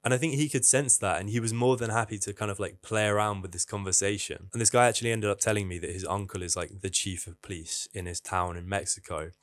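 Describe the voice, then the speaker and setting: A man's voice: on the low side, steady tone, quick pace, hardly any pauses, dry recording. A young man giving candid, casual advice to camera, swearing freely. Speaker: vlogger.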